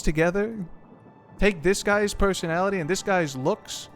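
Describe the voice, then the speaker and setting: A man's voice: high voice, moderate pace, fairly bright tone, faint music behind. A man streaming a game, chatting casually in a rambling, profane, joking way.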